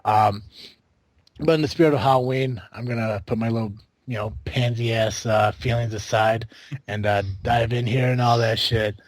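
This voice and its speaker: A man's voice: medium pitch, fairly even intonation, normal speed, no echo. An American man hosts a casual podcast. He rambles and restarts often, full of fillers. His mid-range voice is recorded close and dry. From United States. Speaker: podcast host.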